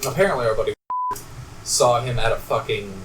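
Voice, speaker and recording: A young man on a casual podcast, telling stories in an animated way, swearing freely and acting out the voices of people in them. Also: medium pitch, a little fast, far from the mic. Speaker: podcast co-host. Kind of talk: casual storytelling chat. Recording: echoey room, off-mic, noisy.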